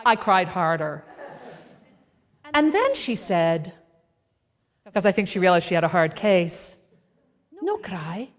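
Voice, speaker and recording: Woman, keynote speaker, live storytelling, animated and playful, reverberant hall. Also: on the low side, measured pace, long pauses. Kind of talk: live storytelling talk to an audience. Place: event venue with a live audience.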